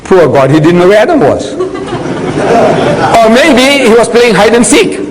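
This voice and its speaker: An older man delivers a lively public lecture, his voice sitting fairly high for a man. He dramatizes scenes and teases the crowd with pointed questions. A long hall reverb trails behind every phrase. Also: slow, background noise. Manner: animated storyteller who acts out scenes and teases with rhetorical questions. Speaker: public speaker on religion. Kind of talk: lecture to a live audience.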